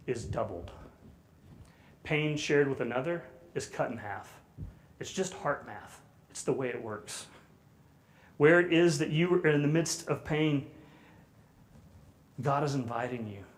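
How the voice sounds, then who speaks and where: A man preaching a sermon in a conversational way, building loud and high on repeated phrases and dropping soft on quiet lines. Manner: conversational with fillers. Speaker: guest preacher.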